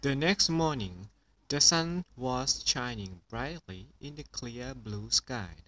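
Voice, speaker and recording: A man reading a children's picture book aloud in an even storytelling voice. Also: medium pitch, takes it slowly, low-quality recording. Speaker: storybook reader.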